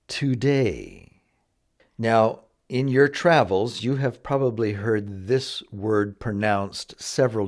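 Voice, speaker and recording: A man teaching vocabulary in a slow, careful lesson, patiently drawing out each word for learners to repeat. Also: medium pitch, darkish tone. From Canada. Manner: patient, drawn-out word drills. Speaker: English teacher.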